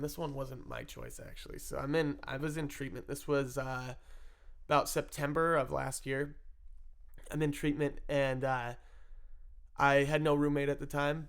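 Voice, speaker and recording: His voice is mid-range and creaky, delivered flatly at a normal speed. He's casually telling the story of his own addiction, rambling, swearing freely, and laughing often between phrases.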